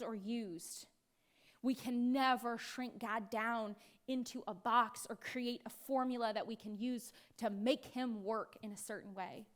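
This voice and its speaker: An American woman pastor preaching a sermon in a playful way, acting out voices now and then. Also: fairly high pitch. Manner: playful, acts out voices with laughs.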